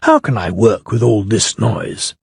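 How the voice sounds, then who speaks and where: A man voicing a stern, fussy older railway boss who is brisk and severe but kind to good engines, speaking a touch husky. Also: fairly low pitch, dry recording, studio quality, heavily acted.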